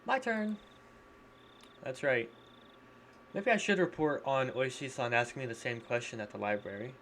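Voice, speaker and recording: A wary teenage boy narrating a visual novel, voiced by a man reading aloud. The reading is plain and measured. His voice sits at a middle pitch, with a faint hiss underneath. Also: fairly bright tone, close to an everyday voice.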